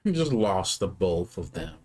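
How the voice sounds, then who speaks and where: A man's voice: low-pitched, normal speed. A man co-hosting a movie reaction, chatting casually and laughing often as he reacts. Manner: laughs often, animated and playful. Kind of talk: casual chat reacting to a film.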